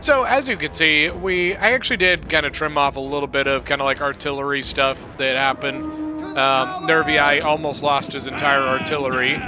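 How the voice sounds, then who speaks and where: A man's voice: a little high, fairly even intonation, moderate pace. Chatty man commentating over music. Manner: rambling, self-correcting, chatty. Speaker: game commentator. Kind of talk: casual replay commentary. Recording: clear background music.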